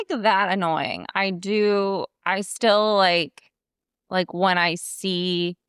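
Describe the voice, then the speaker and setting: A woman's voice: medium pitch, clear, resonant tone, no echo. Chatty 30s woman guest, bouncy up-and-down voice, giggly, dry sound. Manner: laughing, animated, lots of fillers. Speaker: guest, host's younger sister. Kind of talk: casual chat.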